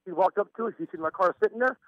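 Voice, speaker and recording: A man's voice: high voice, rapid-fire, no echo. A man calling in to a radio show, telling his story with stammers and nervous laughs. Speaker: caller. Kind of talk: phone-in story. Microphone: telephone. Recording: muffled phone line.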